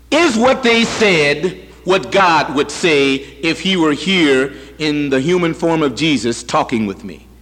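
A man preaching a sermon as pastor, swinging from loud high bursts to quiet low asides. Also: long reverb tail.

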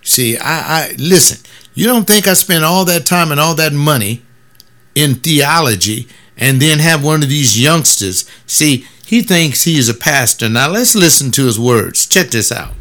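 A man giving preachy, scornful commentary on a video, mixing quick asides with slow, heavily stressed words. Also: a little high, lively intonation, a bit bright.

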